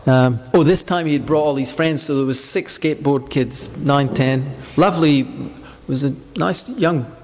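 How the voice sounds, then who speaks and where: A man's voice: medium pitch, moderate pace, few pauses, big-room sound, slight background noise. A man leading a devotional group, talking informally and telling rambling anecdotes between questions. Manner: rambling, anecdotal, warm storytelling.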